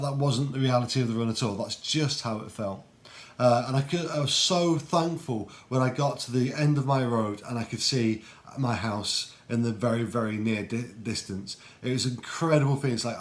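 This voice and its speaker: A man with a mid-range voice talks earnestly in a casual devotional style. He speaks in a reflective, personal way, often pausing with ums and restarting his sentences. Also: medium pitch. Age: adult. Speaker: Christian video host.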